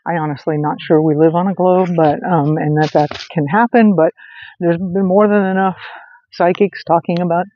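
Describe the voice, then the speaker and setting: A woman's voice: on the low side, steady tone, normal speed, dry recording. A woman hosting a casual vlog outdoors at night, chatting in a rambling way with many fillers and restarts. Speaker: host. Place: outdoors at night under a street light. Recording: dull lo-fi sound with faint noise.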